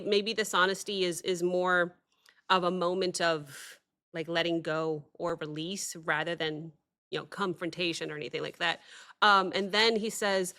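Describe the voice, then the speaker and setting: A woman hosting a music reaction video, talking reflectively in a halting way with many pauses and fillers. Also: on the low side, bright, forceful tone. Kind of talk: casual reaction commentary.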